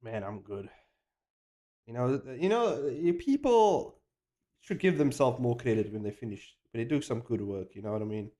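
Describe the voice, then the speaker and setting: Live-streaming his animation work, this man talks at a medium pitch and a normal speed. He's excitable, pumps himself up, curses without holding back, and wanders through slang-filled thoughts with frequent restarts.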